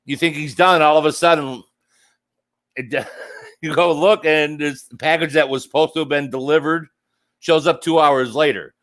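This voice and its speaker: A man's voice: fairly high pitch, steady tone, normal speed, a bit bright. A man hosting a casual livestream, rambling and joking as he answers viewer comments. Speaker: livestream host.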